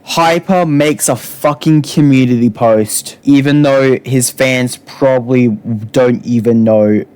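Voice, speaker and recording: A man's voice: mid-range voice, slow pace, a little mellow, clean tone. A man ranting through online drama commentary, exasperated and sarcastic, swearing often. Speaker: YouTube commentator.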